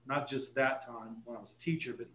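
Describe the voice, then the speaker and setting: A man's voice: mid-range voice, fairly even intonation, brisk, a bit bright, reverberant, a little hiss or hum, low-quality recording. A man with a Texan accent, a guest pastor telling a story in casual podcast talk, earnest and correcting himself as he goes.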